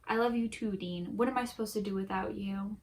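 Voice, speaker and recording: A woman's voice: mid-range voice, fairly even intonation, fairly quick, a little mellow, far from the mic, close to an everyday voice. Brief: woman voicing a defiant, loyal younger brother, earnest.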